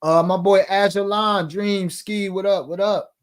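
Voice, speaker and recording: A man's voice: high voice, fairly even intonation, unhurried, smooth. A man hosting a sports betting talk show, chatting casually in slang and reading viewer comments aloud.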